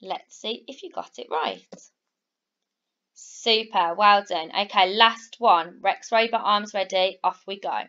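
A woman teaching a phonics lesson to young children, sounding out each letter slowly and blending words, with upbeat praise. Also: medium pitch, sharp tone. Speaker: primary school teacher. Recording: slightly dull, lo-fi recording.

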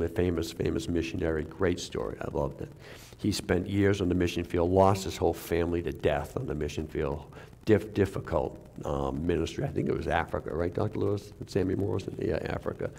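A man's voice: sits low, creaky, warm tone. A man preaching a conversational sermon as a pastor, full of restarts, who sometimes drops almost to a whisper.

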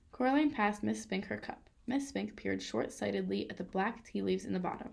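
A woman reading a children's novel aloud in a calm, steady way. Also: mid-range voice, brisk, creaky, few pauses. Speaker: reader. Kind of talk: children's book read-aloud.

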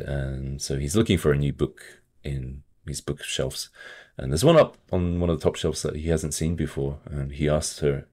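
A man's voice: extremely low pitch, dark tone. A man hosting a casual book podcast, loosely recapping a plot with lots of hedging fillers. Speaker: podcast host.

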